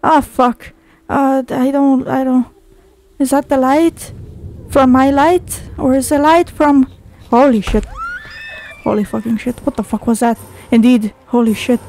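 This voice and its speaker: A woman's voice: high voice, steady tone, unhurried, a little mellow. A woman playing a horror game, swearing constantly and talking to herself, easily startled. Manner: jumpy, heavily profane, talks to herself. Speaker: game streamer. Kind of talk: horror game let's play commentary.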